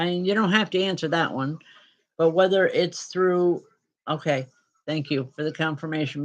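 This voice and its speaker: A woman spiritual medium giving live-stream spirit readings to viewers, speaking in a gentle, reassuring way with pauses and fillers. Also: lowish voice, rough recording.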